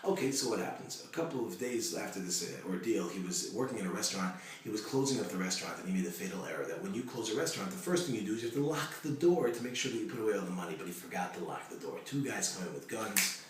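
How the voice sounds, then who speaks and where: A male rabbi giving a Torah lesson, telling stories in a lively way with joking asides. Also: on the low side, fast talker, hardly any pauses. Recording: echoey room, mic far off, faint noise.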